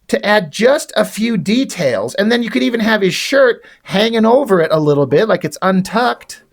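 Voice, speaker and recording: A man's voice: high voice, animated, moderate pace, hardly any pauses. A man casually reviewing a comic book and sketching on it as he talks, sarcastic, rambling and profane. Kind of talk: casual video review, drawing while talking.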